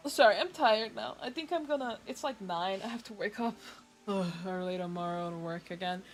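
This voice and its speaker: A woman's voice: mid-range voice, fairly bright tone. A woman, a Portuguese speaker, chatting casually on her stream and laughing often. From Brazil. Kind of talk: casual chat.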